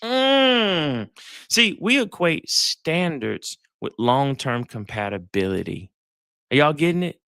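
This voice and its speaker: A middle-aged man, a psychologist giving a lively live talk. He tells stories, acts out the dialogue and keeps asking the crowd if they get it. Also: a little high, takes it slowly, gravelly, smooth, dry recording, clean studio sound. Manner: animated storytelling, acts out dialogue, asks the crowd questions. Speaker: psychologist giving relationship advice.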